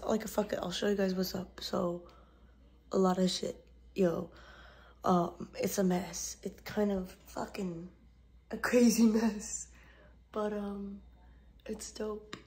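Casual profane woman vlogger, tired and rambling, warm low-toned timbre. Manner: profane, rambling, laughs often. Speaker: beauty brand owner vlogging. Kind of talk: casual vlog monologue.

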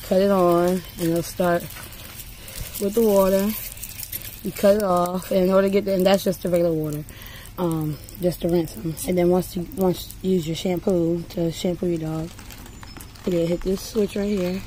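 A woman casually reviewing a dog-washing gadget, chatty and coaxing her dogs in a high sing-song, recorded outdoors in a yard. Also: fairly even intonation, moderate pace, warm tone, a little hiss or hum. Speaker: product reviewer.

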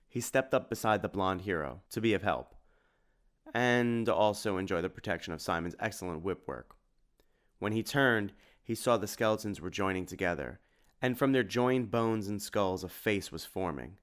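A man narrating an audiobook in a lively, dramatic reading style. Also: low voice, moderate pace.

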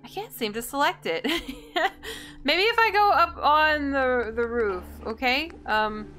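A woman's voice: sits high, animated, takes it slowly, pushed and bright, faint music behind. A woman hosting a gameplay video, chatting and thinking aloud in an indecisive, casual way. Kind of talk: casual let's-play commentary.

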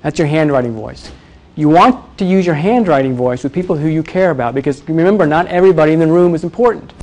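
A man teaching presentation skills to a live audience, energetic and demonstrative, often quizzing the room. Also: a little high, quick pace. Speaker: presentation coach. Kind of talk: live workshop talk.

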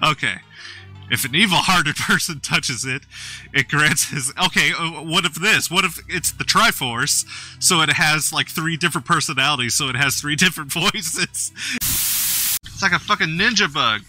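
A man giving casual gameplay commentary as a gaming YouTuber, playful and excitable, laughing and swearing often. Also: fairly high pitch, normal speed, soft background music.

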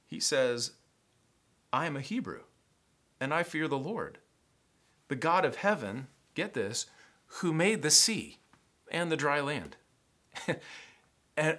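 Man, pastor, Southern American accent, sermon, animated, bright tone. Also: fairly high pitch. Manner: animated, acts out the sailors' panic in a raised voice. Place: church sanctuary.

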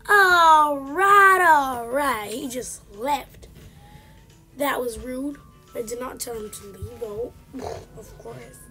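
A woman's voice: a little high, steady tone, slow, fairly bright tone. A woman casually commenting on a game she plays, chatting along and scolding the characters on screen. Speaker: gaming channel host. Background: game music.

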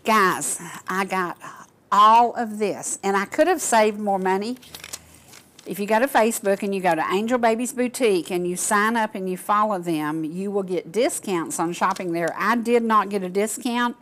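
A woman's voice: mid-range voice, normal speed, a bit bright. An older woman from Georgia, hosting a local talk show and chatting casually to viewers in a gushing, folksy way. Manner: gushing, folksy, addresses audience as y'all.

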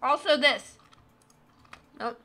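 A woman's voice: high voice, slow pace, pushed and bright. A woman in her thirties streaming a video game, chatting casually and breaking into silly singing and humming as she plays. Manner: goofy, sings and hums while playing. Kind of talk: casual gaming chat.

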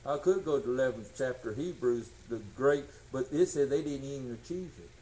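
A man preaching a sermon, folksy and emphatic, swinging from shouts to low tones. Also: brisk, poor audio. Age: 60s.

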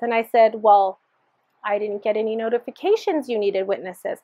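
A woman's voice: mid-range voice, normal speed, dry recording, dull audio. A woman sharing her personal testimony in an earnest storytelling manner, re-enacting the dialogue as she recalls it.

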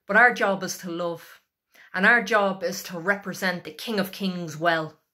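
A woman's voice: fairly low pitch, steady tone, a little slow, pushed and bright. A woman preaching an exhorting sermon, emphatic and repetitive as she urges listeners on.

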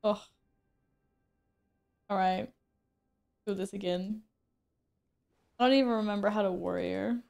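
A woman's voice: mid-range voice, fairly even intonation, unhurried, vocal fry, pauses often, a little mellow, clean tone. A woman streaming a game, chatting casually with viewers, joking at her own expense and laughing often. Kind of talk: casual gameplay stream chat.

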